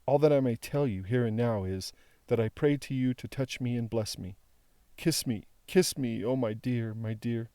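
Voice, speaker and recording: A man's voice: mid-range voice, moderate pace, dark tone, dry recording, close to an everyday voice. A man reading the part of a young woman who speaks tenderly and imploringly. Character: tender young woman pleading with her father.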